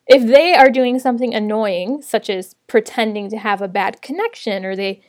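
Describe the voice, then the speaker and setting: A woman's voice: fairly high pitch, normal speed, darkish tone, no room sound, studio quality. A woman sharing practical tips on teaching online, in a friendly, conversational way with light laughs. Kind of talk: casual teaching tips to camera.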